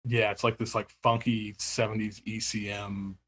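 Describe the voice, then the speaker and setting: A man's voice: fairly low pitch, flat delivery, normal speed, a bit bright, breathy edge. A man in casual interview chat, talking about running his record label, rambling with many fillers, restarts and laughs. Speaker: label owner and music writer.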